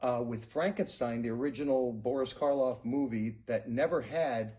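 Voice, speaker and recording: A man chatting casually as an interview guest, friendly and laughing often, with some halting restarts. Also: medium pitch, warm tone, a little hiss or hum. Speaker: interview guest, performer in a musical.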